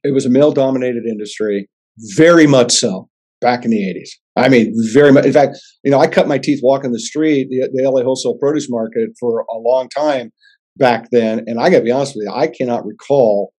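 A man's voice: mid-range voice, fairly quick, a little mellow. Middle-aged male host, casual and blunt, unpolished conversational delivery. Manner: blunt, casual, swears freely. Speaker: podcast host. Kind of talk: casual interview chat.

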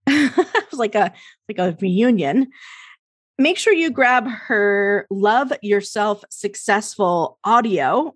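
A woman's voice: medium pitch, husky, no echo, clean studio sound. A woman hosting a podcast, wrapping up an interview and reading an upbeat promo with frequent laughter. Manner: bubbly, laughs often, upbeat promo delivery. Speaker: podcast host. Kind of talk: casual interview wrap-up and outro.

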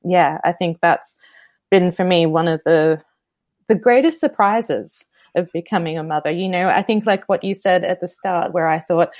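Low-voiced woman in a dry close recording. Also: normal speed, darkish tone, no room sound. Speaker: podcast host. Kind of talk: casual conversation.

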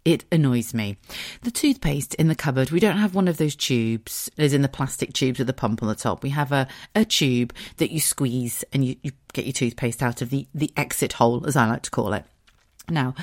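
A woman with a notably low, deep-set voice chats on her own podcast. She is candid and sweary, and pokes fun at her own quirks as she talks. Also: darkish tone. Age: adult. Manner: candid, self-mocking, sweary. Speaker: podcast host. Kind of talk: casual solo podcast chat.

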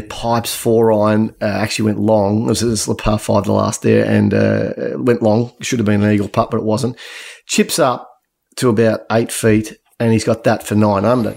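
Gravelly low man spinning a yarn. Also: a little mellow. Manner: rambling anecdote full of fillers and restarts. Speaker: former tour caddie, podcast co-host. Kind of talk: casual storytelling on a podcast.

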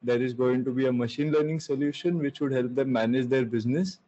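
A man's voice: mid-range voice, fast, warm tone, lo-fi sound. A young man from India, a guest entrepreneur on a casual video-call interview, laid-back and searching for words.

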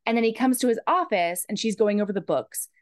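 A woman's voice: mid-range voice, fast. A woman hosting a podcast who recaps a novel in a chatty, casual way with many "like"s. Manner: chatty, full of "like". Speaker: podcast host.

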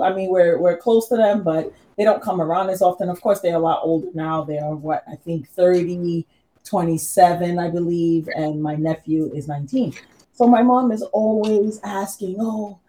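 A woman chatting casually about faith, telling an animated family story and quoting her relatives. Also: fairly low pitch, rough recording.

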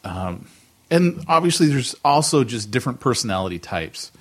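A man's voice: mid-range voice, very animated, moderate pace, fairly bright tone, husky. A man co-hosting a podcast, asking questions in a casual, conversational way with plenty of fillers. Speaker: podcast co-host.

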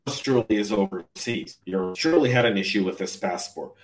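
A man's voice: lowish voice, lively intonation, moderate pace. A man from California on a casual livestream, ranting with emphatic sarcasm. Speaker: podcast host and guest co-host.

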